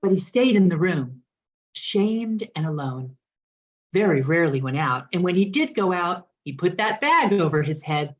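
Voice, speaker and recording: A woman minister telling a parable in a sermon, expressive with dramatic pauses. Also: fairly low pitch, highs cut off. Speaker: guest minister. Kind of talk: storytelling sermon.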